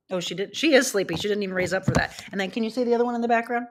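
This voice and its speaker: A middle-aged woman hosts a casual livestream chat, rambling to her viewers and stopping now and then to talk to her dogs. She speaks very quickly, with a medium-pitched voice.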